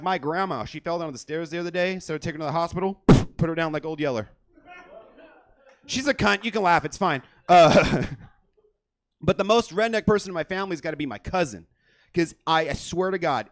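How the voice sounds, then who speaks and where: Brash high-voiced male comedy host. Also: no room sound. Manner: crude, brash, hypes the crowd loudly. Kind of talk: stand-up comedy. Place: comedy club stage.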